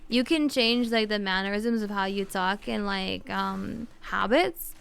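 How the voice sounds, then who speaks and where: A woman's voice: medium pitch, steady tone, a little slow, gravelly, a bit bright, smooth. A woman streamer chatting casually on a livestream, thinking aloud and rambling with lots of fillers.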